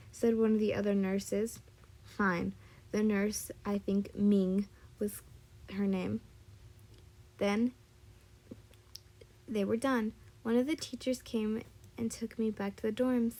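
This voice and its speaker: A woman's voice: medium pitch, flat delivery, slow, pauses often, warm tone. A woman casually reading a fan story aloud, stumbling and apologizing now and then. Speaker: story reader.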